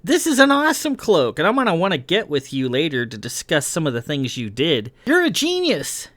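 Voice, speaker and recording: A man reading aloud, voicing a brash, excitable young woman engineer who talks in slang. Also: mid-range voice, a little fast, no echo, close to an everyday voice. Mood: excited. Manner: gushing, slangy.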